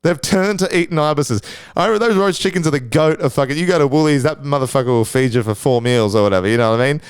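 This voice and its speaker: A man's voice: fairly high pitch, fast talker, smooth, dry recording, studio quality. An Australian man hosting a casual solo podcast, rambling and crude, swearing constantly and restarting his sentences. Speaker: podcast host.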